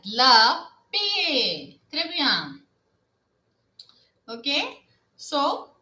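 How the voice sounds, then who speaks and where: A woman teaches a live online lesson at a very slow, deliberate pace. Her voice is high, bright and animated, and it rings in an echoey room. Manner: slow, drilled repetition with many "Ok?" checks. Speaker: French teacher.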